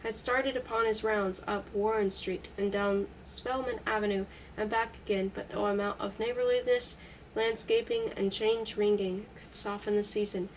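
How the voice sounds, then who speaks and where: A woman reading literary prose aloud in a slow, measured narration. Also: mid-range voice, fairly even intonation, distant mic, a little hiss or hum, low-quality recording. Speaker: audiobook reader.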